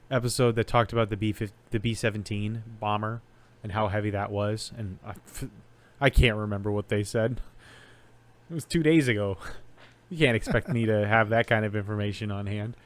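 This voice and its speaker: A man with a fairly low voice, co-hosting a podcast. He talks casually, rambling as he guesses and dropping dry jokes along the way. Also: moderate pace. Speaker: podcast co-host. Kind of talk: casual chat.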